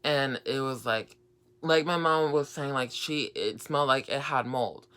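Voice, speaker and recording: A young woman chats through a personal story on her vlog, wandering with fillers and repeated starts. Her voice is bright and clean, and she speaks unhurriedly. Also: very deep voice, unhurried, clean tone. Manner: rambling, lots of fillers and repeats. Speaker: vlogger.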